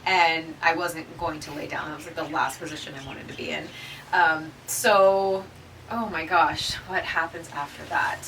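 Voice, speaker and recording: A woman's voice: low voice, normal speed, distant mic, slight background noise, low-quality recording. Chatty woman telling a story. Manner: chatty, animated retelling with acted-out quotes. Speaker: podcast co-host. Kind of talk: casual birth story chat.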